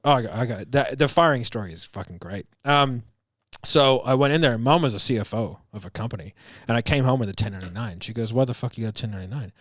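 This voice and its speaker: Telling stories at a quick pace, a podcast guest in his thirties who works as a business coach laughs, swears often, and plays out people's lines, using "like" and "bro" as fillers. His voice sits mid-range, recorded dry with clean studio sound.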